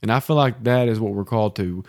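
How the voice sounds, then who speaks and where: A man's voice: on the low side, fast, dry recording, studio quality. A man co-hosting a casual devotional podcast from his home office, urging listeners earnestly and teasing his co-host. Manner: earnest, preachy exhortation with teasing.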